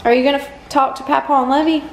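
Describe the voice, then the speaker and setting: A woman's voice: high-pitched, steady tone, quick pace, gravelly, loud music behind the voice. A woman vlogging at home with her family, chatting casually about her day and talking to her small son. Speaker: vlogger, mother. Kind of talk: casual family vlog narration.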